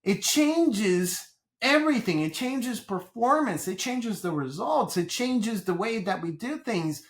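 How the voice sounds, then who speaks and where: A man from Colombia, guesting on a podcast as a business coach, has a high-pitched voice and an unhurried pace. He recounts stories with animated energy and repeats himself often.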